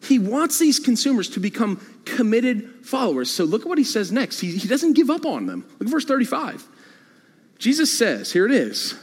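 A male pastor preaching a sermon in a church, with animated delivery and frequent repeated phrases. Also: very high voice, moderate pace, slightly rough, big-room sound. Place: church sanctuary.

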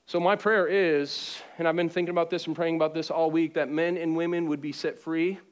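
A man in the pulpit, his voice pitched high, preaching with call-and-response. He swings between ringing exhortation and quiet, hushed passages, and drops in joking asides to the room. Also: little pitch movement, fairly quick. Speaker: pastor. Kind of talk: sermon. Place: church auditorium with congregation.

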